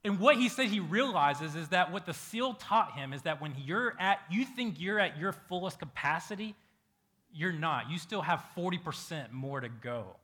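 A male pastor preaching a sermon to a congregation, telling stories with lively acted-out quotes. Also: on the high side, normal speed. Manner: animated storytelling, acting out quoted voices. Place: church hall with a congregation.

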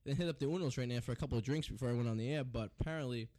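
A man's voice: mid-range voice, rapid-fire, a little mellow. A young man hosting a college radio show, rambling and joking, goading his co-host. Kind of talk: loose banter and singing on air.

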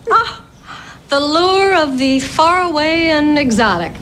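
A gushing, theatrical woman with a high voice that swoops about and draws out its words. She is heard through a noisy old film soundtrack. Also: lively intonation, slow pace, a bit bright, full character voice. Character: gushing, excitable woman charmed by the exotic.

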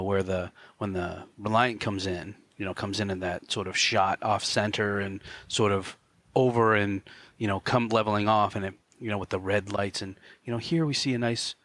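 Man, casual podcast chat, lowish voice, dry close sound. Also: fairly bright tone, dry recording. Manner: rambling, many "you know" fillers, explanatory. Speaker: podcast co-host. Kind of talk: casual film commentary chat.

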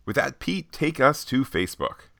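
A man's voice: medium pitch, big pitch swings, moderate pace, creaky, sharp tone, no echo. A man co-hosting a podcast, working through listener tweets with frequent fillers. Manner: reads off a list with frequent uh fillers. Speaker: podcast co-host.

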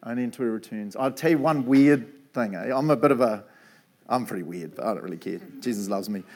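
A middle-aged man with a New Zealand accent delivers a sermon in a loose, conversational way. His voice sits at an ordinary medium pitch, and he keeps tagging on "eh" and "right". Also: a little fast, darkish tone. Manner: casual and chatty, lots of "eh" and "right". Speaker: preacher and Bible college principal.

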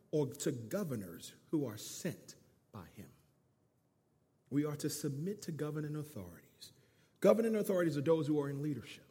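A man's voice: on the high side, dark tone, slightly rough, big-room sound. A male pastor preaching a sermon with emphatic rhetorical questions, leading the congregation in call-and-response. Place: church sanctuary.

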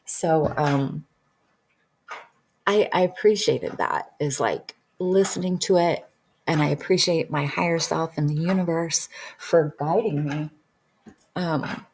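A woman telling a personal story in casual conversation, earnest and emotional, often dropping into a soft whisper. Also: low voice, slow pace, breathy edge. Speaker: guest recounting a regression session.

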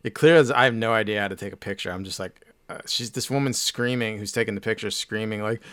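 A man tells a long, meandering story on a podcast, full of fillers and restarts. His voice sits low and sounds smooth and resonant. The recording is dry and close. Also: fast talker, a bit bright, no room sound. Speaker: podcast co-host. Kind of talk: casual chat.

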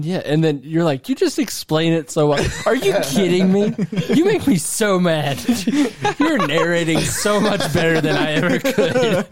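Brief: young man, playful teasing co-host, lively pitch, slightly high. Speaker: podcast co-host. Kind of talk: casual Bible study chat.

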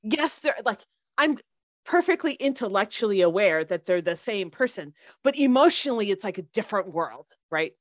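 A woman in casual chat, expressive and quick to laugh, riffing on jokes. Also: medium pitch, no echo.

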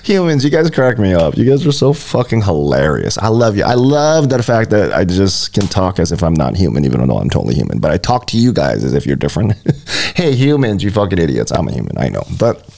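A man with a fairly low voice hosts a podcast, ranting in a sardonic, profane way. His pitch swings widely as he mocks and jokes. It is loose, unscripted chat. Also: big pitch swings, brisk, gravelly, a little mellow. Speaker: podcast host. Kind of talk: casual chat.

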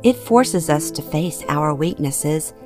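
A middle-aged woman from Louisiana reading her own memoir aloud in first person, earnest and emotionally expressive. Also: low-pitched, takes it slowly, over music. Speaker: memoir narrator.

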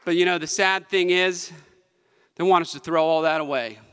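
Speaking at a podium in a big conference hall, this man from West Virginia, the state treasurer, delivers a fervent political address at a moderate pace. His voice is a little high and steady, somewhat bright, clear and resonant, and he leans on emphasis and repetition. Some chatter sits behind him, and the room gives a long hall reverb.

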